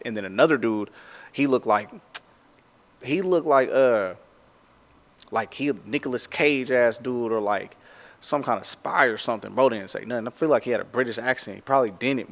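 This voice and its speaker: A man who works as a tattoo artist, telling a story in a casual, animated way, full of slang and "like". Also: medium pitch, big-room sound.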